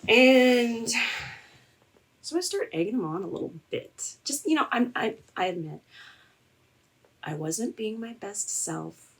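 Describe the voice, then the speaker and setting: Woman, storytime vlog, sarcastic, laughs easily, swooping pitch, slow delivery. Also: slightly rough. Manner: animated and sarcastic, laughing often. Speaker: content creator and musician.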